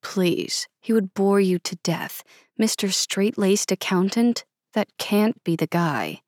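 A cocky young man with a low, smug drawl, as a woman narrator puts him on. He takes his time, teasing and guarded. The voice sits close and dry, with no room around it. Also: lively intonation, a little slow, darkish tone, no echo.

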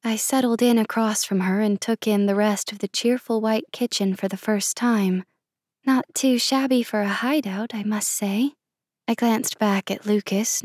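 A woman narrating first-person fiction in a measured, expressive reading style. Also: mid-range voice, no room sound, clean studio sound. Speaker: audiobook narrator.

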